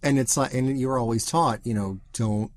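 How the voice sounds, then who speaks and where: A man's voice: mid-range voice, normal speed. A man from the Southern United States, a journalist co-hosting a podcast in casual chat with dry asides.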